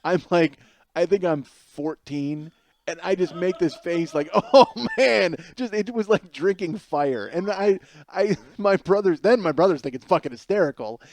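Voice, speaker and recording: A middle-aged man hosting a podcast, telling a comedic story in an animated way, swearing freely and laughing through the punchlines. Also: high-pitched, moderate pace. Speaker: podcast host.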